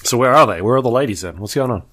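A man's voice: medium pitch, animated, very fast, a bit bright. A man co-hosting a podcast, dropping short teasing interjections into a casual chat. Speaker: podcast co-host. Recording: noisy recording.

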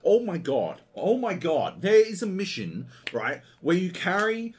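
A man's voice: high voice, sing-song, a little slow, hardly any pauses, husky. A man co-hosting a video game podcast, ranting in a casual, profane and exasperated way. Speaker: podcast co-host.

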